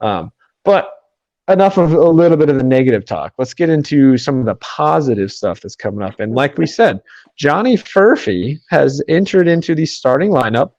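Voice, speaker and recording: A man hosting a sports podcast, talking quickly in run-on sentences with many fillers. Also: on the high side, expressive, a little mellow, no room sound, muffled recording. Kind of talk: casual sports podcast chat.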